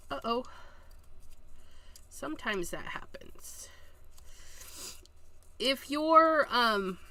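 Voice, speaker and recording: Chatty, bright-voiced woman crafter. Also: a little high, no echo. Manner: chatty, jokey, talks to herself while working. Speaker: card-making streamer. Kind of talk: live crafting tutorial.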